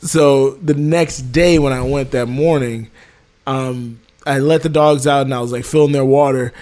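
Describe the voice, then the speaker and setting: A man co-hosting a casual chat, telling a story with animated delivery and frequent laughs. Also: medium pitch, moderate pace. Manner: animated storytelling, laughs often, acts out quoted voices. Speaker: podcast co-host.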